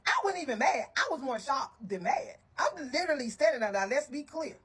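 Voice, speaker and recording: A woman with a voice that sits high speaks briskly while telling her viewers a story. She's casual, animated, and blunt, swears heavily, and keeps making asides to her listeners.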